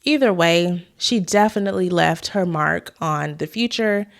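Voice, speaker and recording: A woman's voice: on the low side, unhurried, gravelly. A woman hosting a commentary vlog, talking conversationally and giving her opinions straight to the viewers. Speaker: YouTube host.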